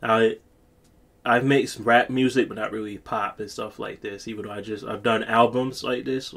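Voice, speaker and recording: A man's voice: lowish voice, steady tone, moderate pace, gravelly, a bit bright. A man, a music producer, giving a casual, rambling studio tutorial as he walks through his own vocal takes. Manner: rambling, chatty explaining.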